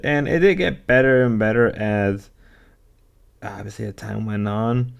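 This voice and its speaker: A man talks through clips in an unhurried, rambling way. His voice is gravelly and fairly low, and he often stops to correct himself. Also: highs cut off. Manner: rambling, candid, self-correcting. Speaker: streamer reacting to clips. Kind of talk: casual commentary.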